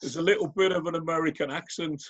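A man's voice: a little high, fairly even intonation, fast talker. A man hosting a live online interview, asking chatty, rambling questions. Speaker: host.

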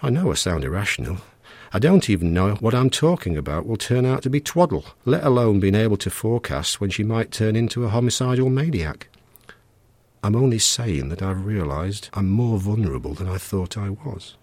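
A man's voice: lowish voice, expressive, moderate pace, darkish tone, dry recording, voice pushed up. A man voicing a nervous middle-aged husband who talks in an anxious, fretful way.

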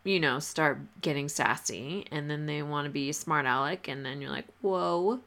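A woman hosting a podcast, giving advice in a relaxed, conversational way with many fillers and restarts. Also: deep voice, moderate pace. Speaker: podcast host. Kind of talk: casual advice talk.

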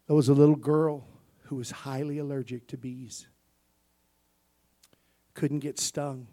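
A male pastor preaching a sermon, swinging between loud bursts and soft near-whispers and calling for amens. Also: mid-range voice, flat delivery, a little slow, creaky.

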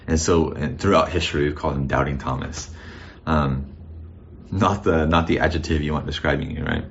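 Very deep-voiced male pastor preaching. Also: fairly even intonation, brisk, muffled recording, slight background noise. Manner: conversational and reflective, with frequent restarts. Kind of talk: sermon.

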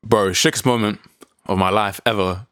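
A young man, co-hosting a podcast in casual chat, full of slang and quick banter. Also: on the low side, steady tone, a bit bright, smooth, no echo, studio quality.

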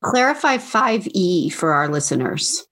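A woman's voice: lowish voice, very animated, unhurried, a bit bright. Friendly woman hosting a podcast interview. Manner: friendly, guiding, lightly joking. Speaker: podcast host. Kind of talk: podcast interview over video call. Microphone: video call.

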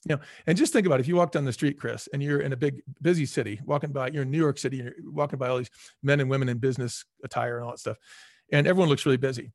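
A man speaking as a guest in a casual interview, telling stories with lively acted-out dialogue. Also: medium pitch, quick pace, creaky, no room sound, clean studio sound. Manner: animated storyteller, acts out quoted dialogue. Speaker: former restaurant chain CEO, guest.

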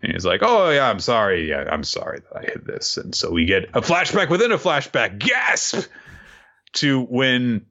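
A man casually recapping a comic chapter, rambling and excitable, paraphrasing the characters with plenty of fillers. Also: medium pitch, normal speed, dull audio. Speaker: manga recap commentator.

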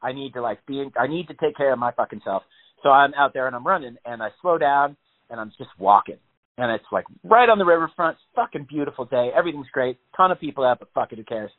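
A man's voice: medium pitch, lively intonation, fast. A man telling a story in casual, rambling chat on a podcast, with lots of swearing. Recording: tinny phone-like sound.

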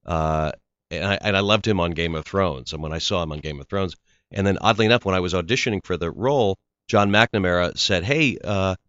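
A man with a very low voice chats as an actor guest in an interview, rambling through anecdotes and restarting his sentences. The sound is dry and close, with a slightly dull, lo-fi quality. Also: brisk, fairly bright tone, clean tone, no echo. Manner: rambling storyteller, restarts often. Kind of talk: casual interview chat.

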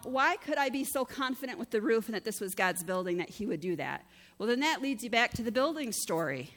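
A middle-aged woman pastor, her voice pitched a little high as she preaches. She tells stories in a conversational way and acts out the voices she quotes. Her voice carries a long reverb from a church hall. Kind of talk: sermon.

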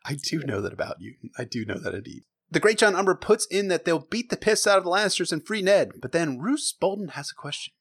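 A man's voice: high-pitched, brisk, few pauses, husky. A man hosting a podcast, recapping a book chapter in a casual, joking, sarcastic way, swearing and acting out the characters' lines. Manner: lively, sarcastic, swears freely, acts out quotes. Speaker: podcast host.

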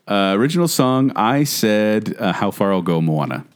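A man with a fairly low voice chats casually as a podcast co-host. His pitch swings widely and he sounds animated. He laughs often as he talks. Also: normal speed, clean tone. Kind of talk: casual chat.

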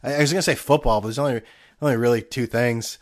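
A man's voice: medium pitch, steady tone, fast talker. A man hosting a casual solo podcast, rambling and sarcastic with plenty of profanity. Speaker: podcast host.

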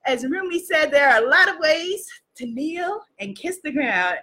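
A woman coaching spiritual entrepreneurs on a live stream, exuberant and quick to laugh and cheer, a little out of breath. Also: high voice, lively intonation, pushed and bright. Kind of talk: live-streamed motivational talk.

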